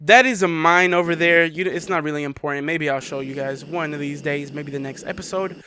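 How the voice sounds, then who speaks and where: A man's voice: on the high side, steady tone, fairly quick, bright, forceful tone. A young man hosting his own gameplay channel, chatting casually in slang and reacting with disbelief. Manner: incredulous, slangy, cursing. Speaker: gaming channel host.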